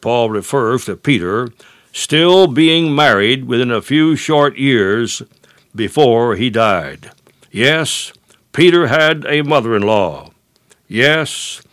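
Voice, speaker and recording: Slow, emphatic male preacher. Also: mid-range voice, a bit bright, no room sound, studio quality. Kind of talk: sermon.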